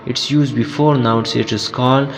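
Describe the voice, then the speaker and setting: A man teaching a grammar lesson as an English teacher, talking in a halting way with many fillers and restarts. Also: mid-range voice, steady tone, long reverb tail, a little hiss or hum.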